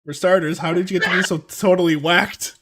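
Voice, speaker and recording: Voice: medium pitch, fairly even intonation, fairly quick, background noise, natural voice. A streamer reading game dialogue aloud, voicing an earnest young male defense lawyer who questions politely and a bit hesitantly. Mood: questioning.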